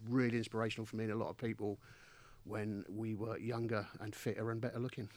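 Male radio guest, relaxed and wry, recorded dry and close. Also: lowish voice, fast talker, dry recording. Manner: relaxed, self-deprecating, quiet. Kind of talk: casual radio chat.

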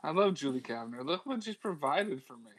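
A man's voice: a little high, sing-song, brisk. A man co-hosting a podcast, chatting casually and enthusiastically, with plenty of fillers and swearing. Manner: rambling, enthusiastic, swears often, many fillers. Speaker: podcast co-host. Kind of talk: casual chat.

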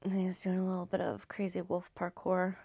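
A casual woman from California rambles through a story recap, dropping in swear words and sliding down into near-whispers. Her voice carries a gravelly fry, and the recording is close and dry, with no room sound. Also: fairly low pitch, completely flat delivery, a little fast, warm tone, no room sound. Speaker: video host recapping a story.

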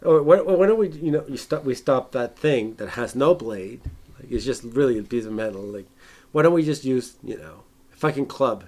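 Medium in pitch and normal in speed, this man's voice bounces through a casual film podcast as he animatedly performs scenes with exaggerated voices and frequently breaks into laughter.

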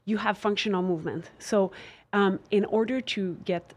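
A woman's voice: mid-range voice, fairly even intonation, normal speed, darkish tone. A woman who is a dancer, answering interview questions earnestly, with many restarts and filler words. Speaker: dancer and fitness guest. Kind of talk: casual interview.

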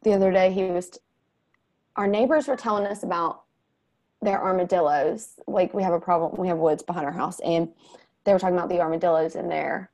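A woman's voice: lowish voice, a little fast. A woman, chatting casually and telling funny family stories. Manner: chatty storyteller, animated when quoting. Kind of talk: casual chat.

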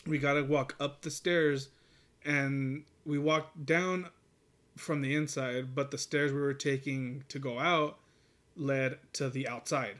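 A man's voice: mid-range voice, steady tone, slow pace, a bit bright. A man casually telling a long, profane story, rambling with laughs and restarts. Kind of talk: casual chat.

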